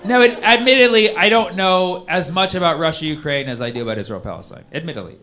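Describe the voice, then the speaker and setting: A man's voice: on the high side, fast, bright, forceful tone, some chatter behind. A man doing a stand-up comedy set in a rambling, ironic way, full of "like" and "you know", recorded live on a comedy club stage with audience noise.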